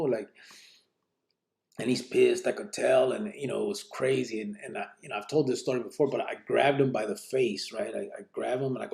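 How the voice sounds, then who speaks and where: Gravelly man hosting a live podcast. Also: mid-range voice, fast talker. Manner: relaxed street slang mixed with Spanish words; reads out listener questions and answers them. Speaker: podcast host. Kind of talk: live podcast, casual storytelling.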